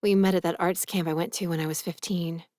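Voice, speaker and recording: A woman reading the part of a heartbroken young woman, quiet and halting, in an audiobook. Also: on the low side, fairly even intonation, dry recording, clean studio sound, close to an everyday voice. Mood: hushed. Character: heartbroken young woman, tearful and soft-spoken.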